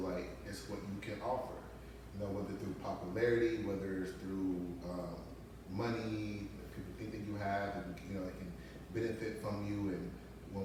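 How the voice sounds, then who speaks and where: Man, low voice, guest, thoughtful, halting, lots of ums, echoey barbershop, background noise. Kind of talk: casual interview talk. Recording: echoey room, mic far off, some noise.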